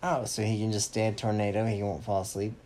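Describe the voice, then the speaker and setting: A man playfully making up a story aloud for a child, animated and teasing. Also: on the low side, quick pace, slight background noise. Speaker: parent telling a story to a child. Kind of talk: improvised bedtime story.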